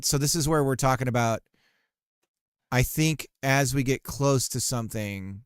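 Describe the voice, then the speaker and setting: A man builds a game on a live stream, thinking out loud and chatting casually with viewers, often trailing off mid-sentence as he codes. His mid-range voice comes through clean studio sound with no room sound.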